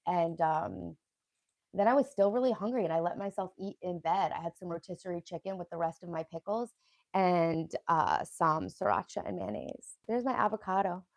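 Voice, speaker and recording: A woman's voice: fairly low pitch, expressive, moderate pace, vocal fry, no room sound, clean studio sound. A young woman hosting a casual livestream, chatting in a rambling way and answering viewers' comments. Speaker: livestream host.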